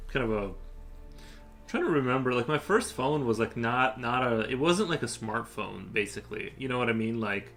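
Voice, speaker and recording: A young man talks casually while drawing on a live stream, rambling and restarting his sentences. His voice has a gravelly, fry-laden edge at an ordinary pitch. Soft music plays faintly underneath. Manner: rambling, hesitant, many fillers and restarts.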